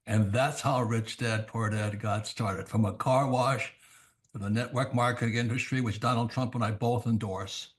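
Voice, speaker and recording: An older man, a guest author, telling blunt anecdotes in an interview and acting out quoted dialogue in quick bursts. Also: fairly low pitch. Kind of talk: storytelling in an interview.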